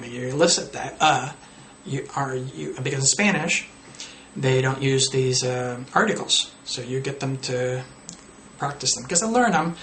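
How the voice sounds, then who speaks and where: Brief: male language teacher, relaxed explaining style, gravelly voice, echoey room with faint noise. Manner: explains casually, acts out student errors with pitch jumps. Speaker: English teacher. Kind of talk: teaching tips to camera. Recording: roomy echo with faint noise.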